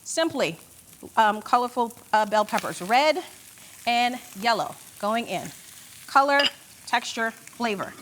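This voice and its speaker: A woman's voice: on the high side, lively intonation, takes it slowly, noisy background. A woman chef doing a cooking demonstration in a studio kitchen, upbeat and gushing. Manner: upbeat, gushing, says "beautiful" a lot.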